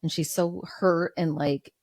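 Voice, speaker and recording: A woman's voice: lowish voice, steady tone, measured pace, a little mellow, no echo, clean studio sound. A Canadian woman co-hosting a podcast, chatting casually and bluntly about a book, swearing freely. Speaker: podcast co-host. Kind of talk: casual book-discussion chat.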